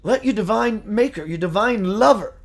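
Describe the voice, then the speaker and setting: A man hosting a live spiritual show, speaking in a gentle, earnest and meditative way and answering viewer comments. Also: high-pitched, expressive, normal speed, creaky.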